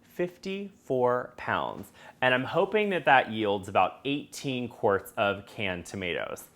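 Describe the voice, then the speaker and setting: A man of middle pitch hosts a home cooking tutorial in a chatty, friendly way. He speaks directly to his viewers and lifts his pitch on the excited phrases. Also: slow pace. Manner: upbeat and chatty, talking straight to viewers. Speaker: cooking video host.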